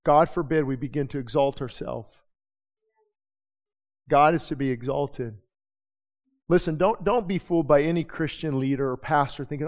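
With a darkish tone and a voice pitched a little high for a man, a male pastor preaches casually, tossing in rhetorical questions and brief asides. The sermon echoes with the long reverb of a church sanctuary.

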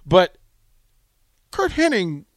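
A man hosting a sports radio talk show, telling a rambling, animated anecdote with restarts into a studio mic. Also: high voice, very slow, dry recording.

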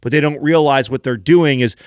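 A man's voice: mid-range voice, brisk, clear, resonant tone, no echo, studio quality. A man co-hosting a fitness podcast, explaining training tips in casual chat with frequent restarts. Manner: coaching, explains with repeated restarts. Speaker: podcast co-host.

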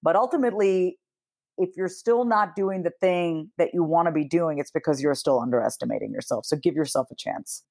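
A woman in her thirties talks as a podcast guest, animated and expressive. She acts out quoted dialogue with big jumps in pitch and swears casually as she tells her stories. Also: fairly quick. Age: 30s. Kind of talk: casual interview chat.

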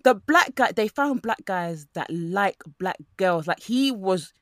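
A woman co-hosting a podcast in casual chat, talking in an animated way and mimicking the people she quotes. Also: mid-range voice, slow pace, no echo, clean studio sound.

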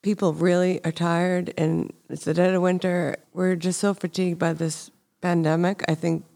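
A woman hosting a podcast, warm and encouraging as she wraps up and reads tips. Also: on the low side, little pitch movement, moderate pace, creaky. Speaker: podcast host. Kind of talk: interview and scripted segment reading.

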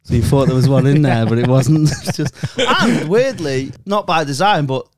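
Teasing man, lively pitch. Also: a crowd in the background. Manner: teasing, quick jokes and wordplay. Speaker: podcast co-host. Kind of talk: casual banter.

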